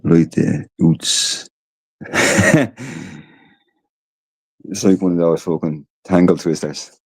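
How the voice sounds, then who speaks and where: A man's voice: deep voice, steady tone, extremely slow, creaky, breathy edge. A tired Irish man chatting casually on a livestream, rambling and swearing freely. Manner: rambling and profane. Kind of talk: casual chat.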